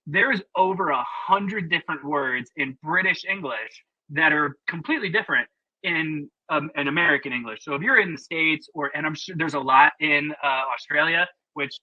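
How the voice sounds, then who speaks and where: Higher-voiced chatty man presenting a webinar. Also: moderate pace, slightly rough, dry recording, muffled recording. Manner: chatty, opinionated, lots of fillers.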